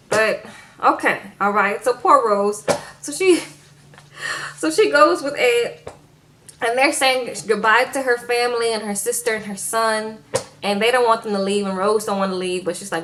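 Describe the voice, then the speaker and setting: A sassy woman talks through a reality show recap in a casual, chatty way, tossing in playful asides to her viewers. Her voice sits a little on the high side, and she drops lower and softer when she acts out what people said. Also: normal speed, slight background noise.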